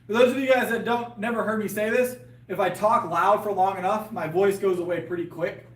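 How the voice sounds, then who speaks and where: Guy with a highish voice rambling to his stream chat, lots of ums, voice kinda worn out. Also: steady tone, fairly quick. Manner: rambling, hesitant, lots of fillers and restarts. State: voice getting worn. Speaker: livestreamer and powerlifter. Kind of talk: casual live chat with viewers. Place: outdoors in a yard.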